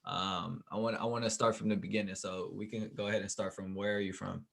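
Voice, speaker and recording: A podcast host with a lowish, creaky voice speaks briskly, sounding a little tired. He chats in a relaxed way, repeating his words and laughing often.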